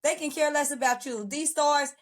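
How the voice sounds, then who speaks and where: A woman's voice: high-pitched, fairly even intonation, moderate pace. A woman hosting her own podcast, talking straight to her audience in a sassy, preachy way. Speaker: podcast host and motivational coach. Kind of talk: casual direct-to-camera podcast intro.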